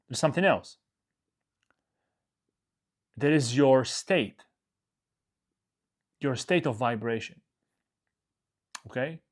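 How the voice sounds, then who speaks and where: A male coach giving a motivational talk to his audience, emphatic, repeating his phrases and often checking in with "okay?". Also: medium pitch.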